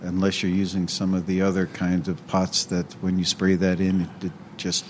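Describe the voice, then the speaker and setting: A man's voice: sits low, monotone, normal speed, a little hiss or hum. A man working as the studio engineer on a radio show, answering with dry, short, laid-back remarks. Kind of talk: casual studio banter.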